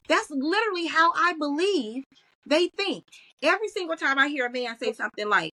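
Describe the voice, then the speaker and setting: A woman, a guest in a podcast interview, talking in an animated storytelling way. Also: high-pitched, brisk, low-quality recording. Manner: animated storytelling, acts out quoted voices. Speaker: guest, content creator.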